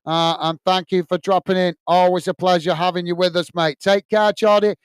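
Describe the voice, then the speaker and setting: English male streamer, high, crisp tone, casual filler-heavy chat, dry close sound. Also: little pitch movement, normal speed, no room sound. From England. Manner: chatty, repeats "mate", many "uh" fillers. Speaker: host of a football watch-along stream. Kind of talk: casual live-stream sign-off, reading viewer comments.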